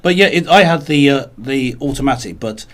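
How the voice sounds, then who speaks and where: A man's voice: mid-range voice, animated, normal speed, a bit bright. Man, rambling dry storyteller. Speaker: podcast co-host. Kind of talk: casual chat.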